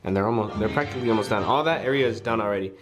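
A man's voice: fairly low pitch, rapid-fire, over music. A man vlogging in a playful, casual way, laughing often while he talks from inside a car. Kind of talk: casual vlog chat.

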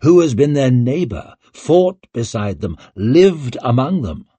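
A man voicing a smooth, scheming male nobleman who talks in a persuasive, calculating way. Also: mid-range voice, very animated, slow, warm tone, no echo, pitched above the performer's own voice, full character voice.

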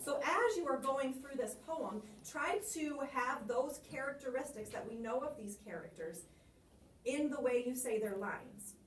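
A woman's voice: high-pitched, lively intonation, unhurried, echoey room, recorded from a distance, a little hiss or hum. A woman teacher coaching a student on reciting a poem, encouraging and asking guiding questions.

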